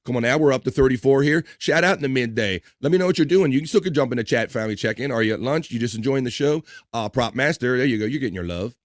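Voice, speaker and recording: A man's voice: medium pitch, expressive, no echo, clean studio sound. A man hosting a livestream, reading out and teasing chat comments in a hyped, joking way. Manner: hyped, teasing, quick shout-outs. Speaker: livestream host.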